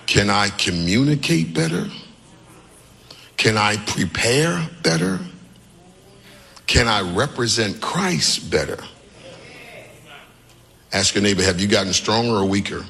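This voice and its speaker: Forceful preacher calling to the church. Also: male voice, lowish voice, expressive, takes it slowly, vocal fry, pauses often, big-room sound. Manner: call-and-response preaching, often shouting emphatic lines. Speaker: pastor. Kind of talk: sermon. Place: church sanctuary with congregation.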